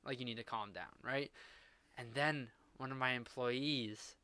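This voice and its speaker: A man co-hosting a casual podcast, telling a workplace story in an animated way and acting out the quotes. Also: mid-range voice, measured pace, clear, resonant tone, dry recording. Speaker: podcast co-host.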